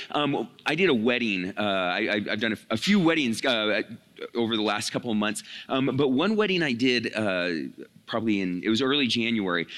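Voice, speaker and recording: A young man gives a sermon as a youth pastor. He tells a story loosely and conversationally, restarting phrases and filling pauses as he goes. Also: mid-range voice, a bit bright.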